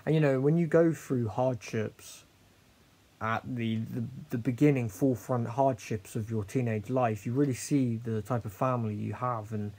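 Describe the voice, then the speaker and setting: A young man tells his own story in a candid, halting monologue. His voice is gravelly and fry-heavy at a middling pitch, and he stops often for fillers and the odd swear word. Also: darkish tone. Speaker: host sharing his story.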